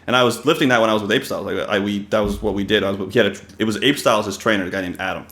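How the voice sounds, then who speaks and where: A man hosting a podcast in casual interview chat, animated and blunt, swearing freely and filling his talk with "like" and "you know". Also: on the low side, rapid-fire, echoey room. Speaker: podcast host. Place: home office.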